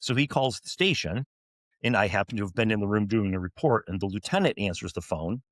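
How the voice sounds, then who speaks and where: A man's voice: fairly low pitch, expressive, a little fast, fairly bright tone, no echo, studio quality. A man in his forties, a firefighter officer, telling stories in an interview with earnest restarts and fillers. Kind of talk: storytelling interview answers.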